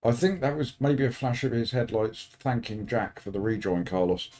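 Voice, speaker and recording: A man's voice: medium pitch, moderate pace, darkish tone. A British man chatting casually with his live stream audience as a sim racing streamer, dropping dry joking asides.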